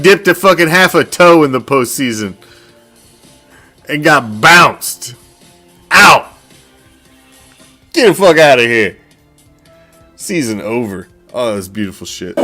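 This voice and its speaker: A man's voice: a little high, sharp tone. A man hosts a football fan reaction show, talking in a slightly raised voice. He swears freely and gloats, laughing as he rants. Faint music plays behind him. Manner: profane, gloating, laughing often. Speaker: sports podcast host.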